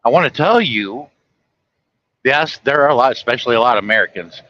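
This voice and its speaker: Man, trucker, folksy rambling talk, bright edgy voice, dull lo-fi sound. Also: medium pitch, lively intonation, brisk. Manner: chatty, folksy, opinionated. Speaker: truck driver livestreaming. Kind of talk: casual rambling talk to viewers. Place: truck cab on the highway.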